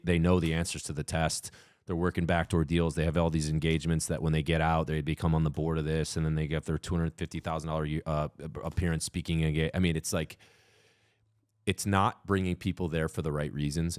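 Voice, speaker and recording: A man co-hosting a podcast, talking politics in a heated, profane way that climbs into loud mock rants. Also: extremely low pitch, no echo, studio quality. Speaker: podcast co-host. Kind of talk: casual political chat.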